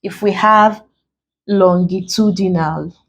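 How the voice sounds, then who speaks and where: In a lowish, steady voice, a woman with a Nigerian accent spells out letters and breaks words into syllables one step at a time for an exam-prep class. Her pace is slow and deliberate, and the recording is low-quality.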